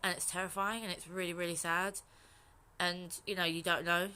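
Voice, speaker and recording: A young Englishwoman speaks frankly in a personal vlog, rambling and swearing freely while emotional and close to tears. Her voice is lowish with little pitch movement, at a moderate pace, and sounds pushed, bright, clear and resonant.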